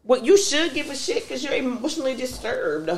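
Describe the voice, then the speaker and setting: A woman's voice: high voice, big pitch swings, fairly quick, echoey room. A woman hosting a podcast, talking in blunt, joking, emphatic banter. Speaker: podcast host. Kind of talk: casual banter.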